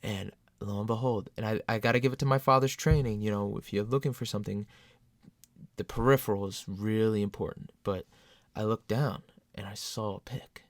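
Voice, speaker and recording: A man telling concert stories in casual vlog style, excitable and animated, with sudden loud jumps. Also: fairly low pitch, fairly quick, no echo. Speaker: metal fan vlogger. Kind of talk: casual storytelling to camera.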